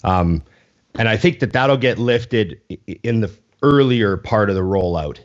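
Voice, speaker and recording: A man's voice: on the low side, expressive, moderate pace. A man hosting a podcast in a casual chat, laid-back and swearing offhandedly. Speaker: podcast host. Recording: dull lo-fi podcast audio.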